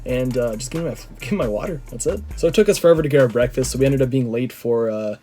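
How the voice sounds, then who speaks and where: A slightly hoarse man telling a story in a casual, rambling way, with many "like" fillers. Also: mid-range voice, fast, dark tone, soft background music. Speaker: vlogger.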